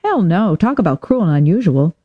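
A woman voicing a brisk, wisecracking female police detective friend, in a dull, dry lo-fi audiobook recording. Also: fairly low pitch, sing-song, no room sound. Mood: teasing. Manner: wisecracking, quick.

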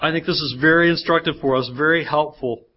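Pastor preaching with rhetorical questions. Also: male voice, fairly high pitch, fast talker. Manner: asks the congregation frequent rhetorical questions. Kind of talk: sermon. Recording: dull lo-fi church sermon recording.

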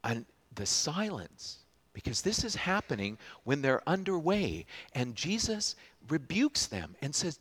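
Male pastor, sermon; animated storyteller, bouncing melody, stops and restarts mid-phrase. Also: fairly high pitch, measured pace, husky. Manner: animated storytelling, frequent restarts, swings from loud to hushed.

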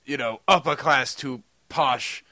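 A teasing man hosts a casual podcast and reads out listener comments, at times in a mock British voice. His voice has a bright, forward tone at an average pitch. The recording is dry and close. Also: measured pace, dry recording.

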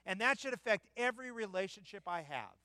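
Emphatic high-voiced male preacher. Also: lively intonation, a little fast, no echo. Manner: emphatic, swells to loud peaks. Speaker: pastor. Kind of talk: sermon. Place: church building.

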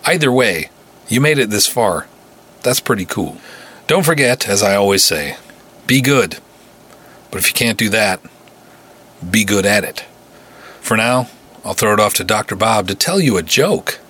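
A man's voice: lowish voice, lively intonation, a little slow, long pauses, sharp tone, breathy edge. A man hosting his podcast, reading a story aloud and signing off in a playful, self-mocking way. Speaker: podcast host and writer-director.

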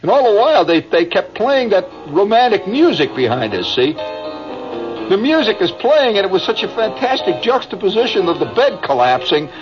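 A man's voice: high voice, very animated, normal speed, music in the background. A man hosting a radio show, telling a rambling anecdote with chuckles and asides, recorded as a dull old broadcast. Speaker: radio host.

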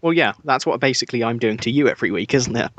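A man's voice: medium pitch, lively intonation, quick pace, fairly bright tone, no echo. A man with an English Midlands accent co-hosting a podcast, chatting casually with dry, self-mocking humor and plenty of ums. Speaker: podcast co-host.

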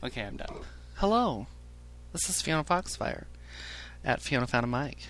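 A man's voice: sing-song, normal speed, fairly bright tone, soft background music. A man hosting a casual podcast, swearing a lot and ranting about callers from his phone job. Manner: profane, ranting, mimics callers in a high voice. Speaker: podcast host; phone service worker. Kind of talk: casual crude chat.

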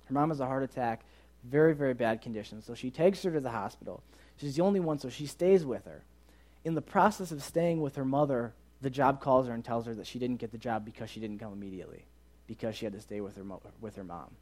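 An animated young man tells a story from the pulpit, his voice at a middle pitch that is neither deep nor high. He slips in and out of the people in his story, acting out their lines as he goes, in the manner of a youth ministry preacher. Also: quick pace. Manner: animated, acts out quoted dialogue in the story. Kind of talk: sermon storytelling.

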